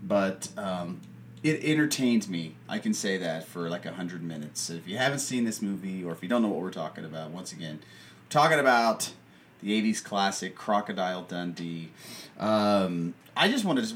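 A man co-hosting a casual podcast, chatting in an animated, jokey way and laughing often. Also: lowish voice, normal speed, a little hiss or hum. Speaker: podcast co-host. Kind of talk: casual chat.

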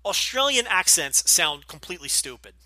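A man's voice: sits high, big pitch swings, moderate pace, sharp tone, no echo. A man with a light New Jersey accent hosting a casual podcast Q&A, talking bluntly and profanely, full of opinions and asides. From Northeastern US, New Jersey. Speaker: podcast host.

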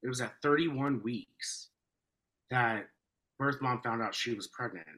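A man speaks as a podcast guest in an average-pitched, bright, forceful voice. He talks in a measured way with a dry sense of humor. The talk is a relaxed, casual chat. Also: poor audio.

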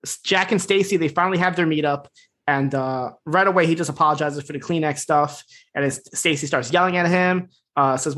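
A man's voice: a little high, brisk, fairly bright tone. A man co-hosting a podcast, casually recapping a TV episode in a rambling, filler-heavy way and swearing freely. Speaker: podcast co-host.

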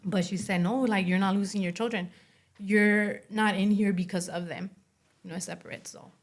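A young woman speaking as an interview guest, giving a personal testimony in a soft voice full of "you know" and "like". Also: mid-range voice, steady tone, normal speed. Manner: soft-spoken, many fillers like "you know" and "like".

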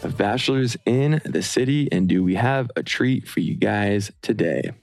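A man's voice: fairly low pitch, normal speed, gravelly, darkish tone, dry recording, faint music behind. A man co-hosting a casual podcast chat, laid-back and hesitant, with lots of fillers. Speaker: podcast co-host.

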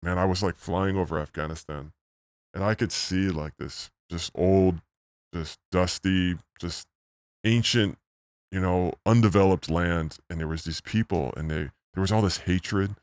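A man in his forties, a missionary guest, telling his story in a rambling, earnest way through a pitch-altered disguise. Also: fairly even intonation, measured pace, dry recording, studio quality. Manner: earnest, rambling, full of "like" and "you know". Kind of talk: casual storytelling interview.

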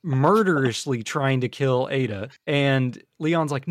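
A man's voice: medium pitch, measured pace, dry recording. Laid-back man on a dry call mic. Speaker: podcast co-host. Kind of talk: casual podcast chat about a video game. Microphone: online call.

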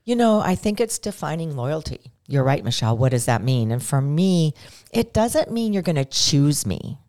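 Woman, very low pitch, podcast co-host, earnest, emotional, repetitive phrasing. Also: sing-song, moderate pace, darkish tone. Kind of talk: casual conversation.

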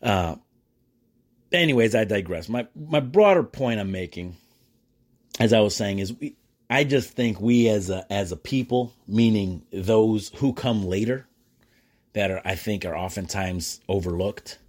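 A man's voice: on the low side, expressive, measured pace. A man hosting a podcast in a casual, rambling monologue, restarting often and calling listeners "man" and "bro.". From Michigan, United States. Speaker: podcast host; small business owner and dad.

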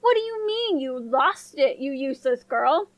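A woman voicing a cruel stepmother who scolds slowly and loudly. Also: high voice, no room sound. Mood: scolding. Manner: slow, loud, scolding.

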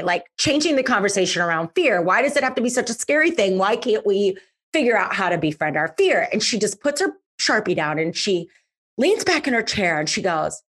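A woman's voice: medium pitch, a little fast, slightly rough. A woman podcast host telling a personal story in a casual, chatty way, stressing words by repeating them. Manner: lively, emphatic, repeats words for effect; chatty, with fillers.

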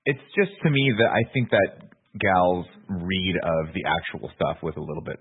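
A man's voice: low-pitched, lively intonation, normal speed, husky, narrow, tinny audio. A man co-hosting a podcast, making laid-back, wry remarks in casual chat. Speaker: podcast co-host.

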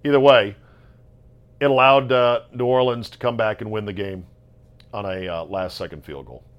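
A man hosting a solo sports talk show, ranting sarcastically about football results and jumping between loud outbursts and low muttering. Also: steady tone, normal speed, dull audio. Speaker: sports podcast host. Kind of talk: casual solo sports commentary.

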